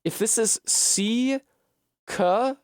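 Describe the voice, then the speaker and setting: A man streaming a game from home, working through a puzzle out loud at a desk microphone with frequent swearing and frustration. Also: sits high, extremely slow, clear, resonant tone, no room sound, studio quality. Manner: profane, puzzling aloud, frustrated. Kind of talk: live-streamed gameplay commentary.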